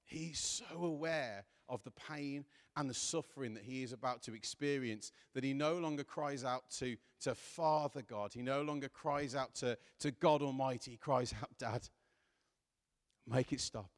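A man's voice: medium pitch, normal speed. Earnest preacher man in a reverberant hall. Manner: earnest, rising to impassioned emphasis while reading scripture. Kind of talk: sermon.

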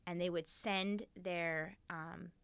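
Low-voiced woman telling history on a podcast. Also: fairly even intonation, takes it slowly, a bit bright, clear, resonant tone, dry recording. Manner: storytelling, swears freely, laughs often. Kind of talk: casual podcast chat.

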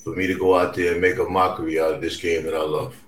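A man co-hosting a podcast, chatting casually with measured, reflective remarks. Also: low voice, level tone, slight background noise. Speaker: podcast co-host. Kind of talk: casual chat. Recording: roomy echo.

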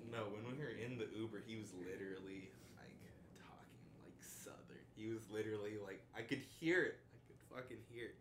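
A man's voice: lowish voice, a little fast, hardly any pauses. Guy, co-host, exasperated tale-teller, room echo and light hiss. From Kentucky. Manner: exasperated, profane storyteller. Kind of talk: casual storytelling chat. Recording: echoey room with faint background hum.

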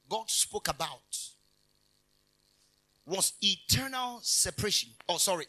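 A male minister, preaching in a high, lively register. His tone is bright and forceful, and he mixes teasing jokes with emphatic declarations and frequent hallelujahs. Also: breathy edge, low-quality recording. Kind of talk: conversational sermon. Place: convention hall.

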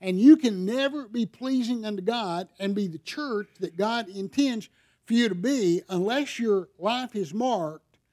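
A man's voice: sits high, a little mellow. A middle-aged male pastor preaching a sermon in a conversational way, often asking the congregation rhetorical questions.

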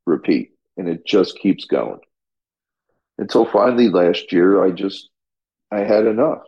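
A man's voice: low-pitched, lively intonation, measured pace, highs cut off. A middle-aged man, a firefighter and paramedic, tells his story in an interview in a raw, blunt way, swearing freely and restarting his sentences.

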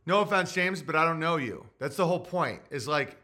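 Brash male streamer in a rambling, mocking monologue over viewer chat. His voice sits a little high and rings bright and forceful. He jumps between topics and drops into mock voices. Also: lively intonation, brisk. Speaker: podcast host. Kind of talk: livestream monologue reading chat.

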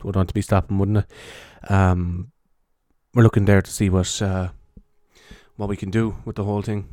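Irish guy mumbling half-whispered asmr ramble in his bedroom, swears a lot, lowish voice, dry close sound. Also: flat delivery, normal speed, no echo. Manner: meandering, chatty, swears freely, soft hushed delivery. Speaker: podcaster. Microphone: handheld microphone carried around the room.

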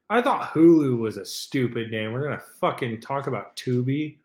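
A man's voice: mid-range voice, normal speed, echoey room. A man co-hosting a podcast in casual chat, swearing freely and telling stories animatedly. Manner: profane, animated storytelling. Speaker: podcast co-host.

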